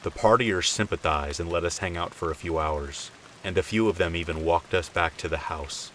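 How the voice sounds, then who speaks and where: A man tells a first-person scary story in a relaxed, conversational way. His voice is very low and deep. Faint rain is heard behind him. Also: moderate pace, slight background noise, low-quality recording. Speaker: horror story narrator.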